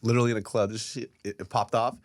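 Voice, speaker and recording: A man's voice: mid-range voice, steady tone, racing, no room sound, studio quality. A man co-hosting a casual podcast, talking bluntly with swearing and teasing jokes. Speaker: podcast co-host. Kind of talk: casual chat.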